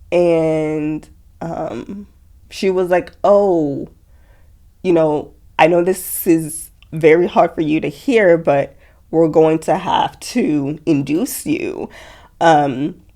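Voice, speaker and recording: A young woman telling her story as a guest in an interview, speaking softly with many fillers and quoted dialogue. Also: deep voice, very slow. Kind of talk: emotional personal interview.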